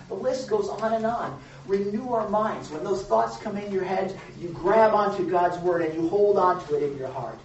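A woman's voice: medium pitch, moderate pace, few pauses, darkish tone, heavy reverb, recorded from a distance, muffled recording, slight background noise. A woman pastor preaching a sermon in a conversational way, asking her congregation questions.

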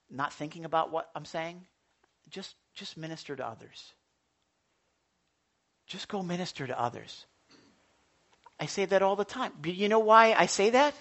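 Animated male pastor preaching. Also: sits high. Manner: animated, swings between loud emphasis and soft asides. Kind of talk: sermon.

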